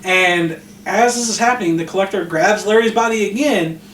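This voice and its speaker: High-voiced man recapping a movie, echoey. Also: normal speed. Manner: animated retelling, acts out characters' lines, swears freely. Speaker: podcast co-host. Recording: distant echoey mic with faint noise.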